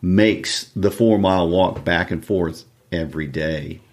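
Male co-host, low voice, measured, talks through a classic novel. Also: a little mellow. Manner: measured, reads passages with deliberate acting. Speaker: podcast co-host. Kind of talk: literature discussion with read-aloud passages.

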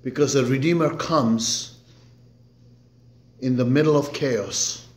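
A male pastor preaching a sermon slowly and emphatically, swinging between loud declarations and hushed, soft phrases. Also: mid-range voice. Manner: slow, emphatic preaching with dramatic swings in loudness. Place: church sanctuary. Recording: echoey church room.

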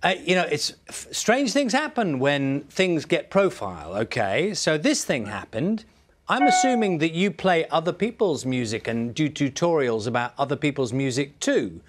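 Lively male breakfast TV presenter. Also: fairly high pitch, moderate pace. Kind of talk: live TV interviewing.

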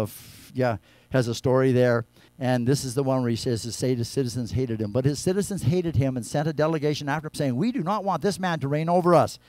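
A male pastor preaching a sermon, moving between quiet low scripture reading and loud, raised exhortation. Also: no echo. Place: church.

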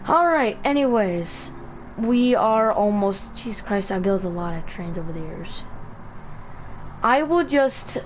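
Woman streamer, slow and meandering delivery, filler-heavy casual tutorial talk. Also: mid-range voice, animated, a little hiss or hum. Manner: rambling, many fillers and self-corrections.

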